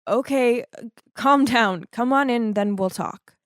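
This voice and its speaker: A woman's voice: on the high side, measured pace, no room sound, studio quality, natural voice. A woman voicing a wary, mysterious young woman with a curt, guarded way of talking. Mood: taken aback.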